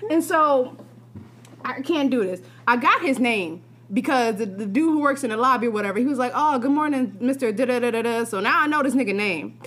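A young woman co-hosting a podcast, telling a story in casual, profane, animated chat. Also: on the high side, brisk. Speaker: podcast co-host.

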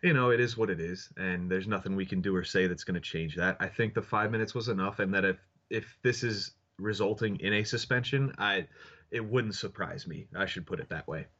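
Co-hosting a laid-back sports podcast, a man shares strong opinions while hedging and leaning on fillers. He has a low, fairly bright voice and speaks briskly, and the recording sounds muffled.

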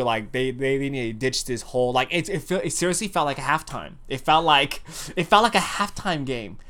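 A man hosting a casual chat, animated and profane, who laughs often and acts out what others said. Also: medium pitch, normal speed, clean tone.

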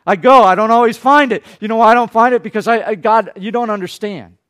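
A man preaching a sermon, swinging between loud, urgent lines and hushed, quiet ones, and briefly acting out the people he quotes. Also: high voice, fast talker. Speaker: pastor.

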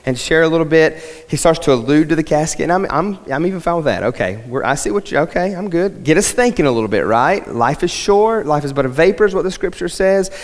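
A man preaching a sermon in a church, telling a story in a conversational way, repeating words and then building to emphatic preaching. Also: mid-range voice. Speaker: pastor and worship leader. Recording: long hall reverb.

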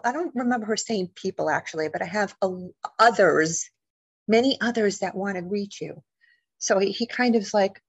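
A middle-aged woman, a guest author and paranormal investigator, telling a personal story in an animated, emotional way, acting out the voices of the people in it. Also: medium pitch, normal speed, husky, dry recording, muffled recording. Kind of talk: storytelling in a podcast interview.

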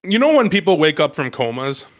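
A man chatting casually about card games, animated and jumping up in pitch as he tells stories. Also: a little fast. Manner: animated, jumps to high excited pitch when telling stories. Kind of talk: casual gaming chat.

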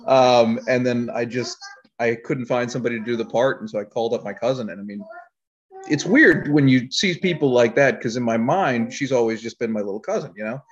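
A man's voice: mid-range voice, brisk. A man talking about his filmmaking in a casual interview, rambling, with frequent laughter. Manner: rambling storyteller, laughs often. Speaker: filmmaker guest. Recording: dull lo-fi audio.

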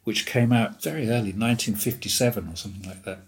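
An Englishman in his seventies chats casually as a guest, his fairly low voice moving fast as he rambles through stories, amused and laughing often.

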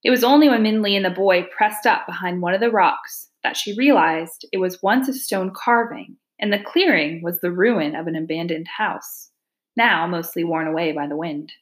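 A woman reading a children's folk-tale novel aloud, calm and measured with hushed suspense. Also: fairly low pitch. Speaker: audiobook narrator. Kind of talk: storybook narration.

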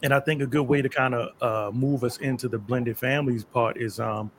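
A man hosting a live talk show, chatting loosely with many fillers and shout-outs. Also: medium pitch, steady tone, a little fast, a little hiss or hum. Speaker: podcast host.

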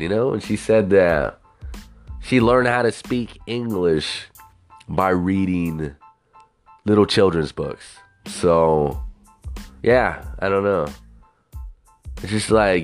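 A man's voice: low voice, slow pace, long pauses, soft background music. A man from the United States in a casual, rambling, profane monologue, often asking whether you know what he means.

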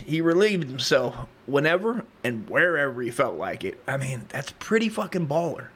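A man's voice: medium pitch, fairly bright tone. A man hosting a comedy podcast, reading history aloud and riffing in a crude, rambling, profane way. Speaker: podcast host.

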